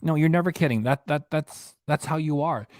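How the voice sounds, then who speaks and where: Angry guy ranting on a reaction channel, kinda high-pitched, super dry audio. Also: moderate pace, darkish tone, no room sound. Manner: indignant, ranting, repetitive. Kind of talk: angry commentary.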